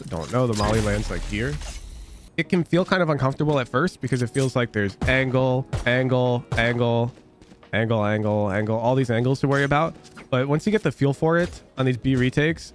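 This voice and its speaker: A male game coach talking over a match review in a casual, sweary way. He is blunt and emphatic, and his pitch sits in the middle. He hammers points home by repeating lines sarcastically, with faint music behind him.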